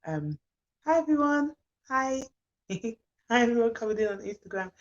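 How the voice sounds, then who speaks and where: With lively intonation, medium pitch and a moderate pace, a nanny and childcare expert chats through a casual live stream despite sounding sleepy. She laughs often and greets people by name. Her phone or laptop mic delivers dull, lo-fi live-stream audio.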